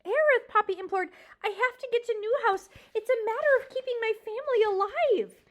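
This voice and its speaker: A woman's voice: extremely high pitch, brisk, voice pushed up. A woman voicing a timid young female mouse, earnest and easily frightened. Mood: pleading. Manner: frightened, pleading.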